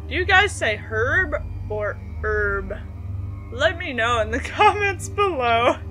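Faint game music plays behind a young gameplay streamer as she chats through a horror game let's-play, reacting out loud to every move. Her voice is a little high with a fairly bright tone.

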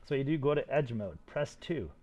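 An older man teaching a 3D modeling tutorial live, talking fast and excitedly while he demonstrates and encourages his students. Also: mid-range voice. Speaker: 3D modeling instructor.

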